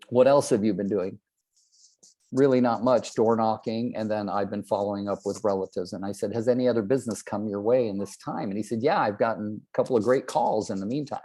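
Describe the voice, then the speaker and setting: An older man gives a motivational talk to real estate agents. His voice sits a little low, and he tells long stories from his career, slipping into the voices of the people in them. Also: brisk, mellow. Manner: storytelling, acts out quoted people.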